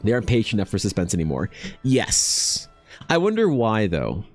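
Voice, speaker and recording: A man who streams and runs tabletop games, chatting casually with his viewers in a rambling, animated and profane way. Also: lowish voice, normal speed, faint music behind. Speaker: streamer and dungeon master. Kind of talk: casual livestream chat.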